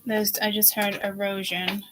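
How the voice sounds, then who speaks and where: A woman hosting her own psychic channel, talking casually and thinking aloud in slow, halting bits that trail off mid-thought. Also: medium pitch, little pitch movement. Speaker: self-styled psychic channel host. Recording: clear background noise.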